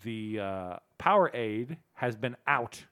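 A man's voice: lowish voice, expressive, slow, sharp tone, clear, resonant tone. Rambling, storytelling podcast host man. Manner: rambling storyteller, acts out quoted people. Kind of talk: casual chat.

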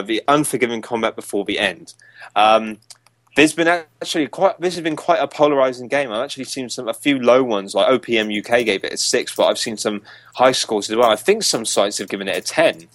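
A man's voice: medium pitch, fairly quick, fairly bright tone, no echo. A young man hosting a casual podcast, rambling a bit and chuckling as he reads out game reviews. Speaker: podcast host.

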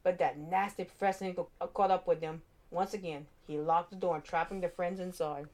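A woman's voice: lowish voice, brisk. Woman reading a storybook aloud. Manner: expressive, animated narration.

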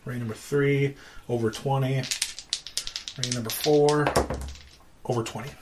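A man playing in a tabletop game, excitable and quick to laugh, swearing freely as he talks. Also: mid-range voice, very noisy. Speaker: player. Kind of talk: casual game chat.

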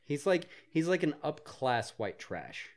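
A man's voice: fairly high pitch, very animated, unhurried. A man co-hosting a podcast, chatting casually while watching a movie, bantering, swearing and laughing. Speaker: podcast co-host.

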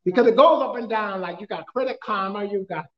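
A pastor's high voice carries through a fairly quick sermon full of laughter, comic storytelling, and questions shouted to the congregation. The sound is echoey and a bit muffled, suggesting a spot at the back of the church.

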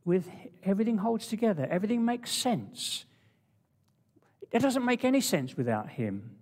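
A man preaching a sermon with passion, swinging from loud declarations to hushed, intimate asides. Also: high-pitched, very animated, moderate pace, long reverb tail.

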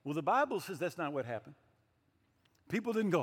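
An older man in his sixties preaches with a high, lively voice that swings up and down. He stresses his points emphatically and drops in light jokes. His voice rings with the long reverb of a church hall. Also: brisk, slightly rough. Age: 60s. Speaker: pastor. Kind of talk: sermon.

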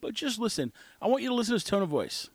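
Guy ranting on his podcast, kinda high voice, bouncy delivery, rambly and opinionated. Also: big pitch swings, rapid-fire, slight background noise. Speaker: podcast host. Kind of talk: casual rant monologue.

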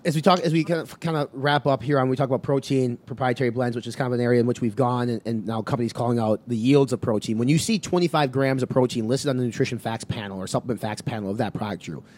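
A man's voice: medium pitch, quick pace, hardly any pauses, a little mellow. A man co-hosting a podcast in casual chat, summarizing loosely and swearing now and then. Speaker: podcast co-host.

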